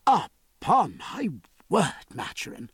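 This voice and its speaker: An eager, fussy gentleman who fusses over purchases and bursts into high, delighted thanks, as a narrator puts him on. The voice leaps upward when pleased and keeps a faint huskiness, recorded close and dry. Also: big pitch swings, moderate pace, gravelly, breathy edge, dry recording, exaggerated voice. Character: eager, fussy, grateful male naval chaplain, excitable.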